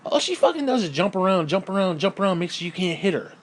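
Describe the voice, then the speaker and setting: A man's voice: high-pitched, very animated, quick pace. A man delivering a crude, heated monologue, swearing constantly and repeating phrases for emphasis. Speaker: video creator. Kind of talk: profane ranting monologue.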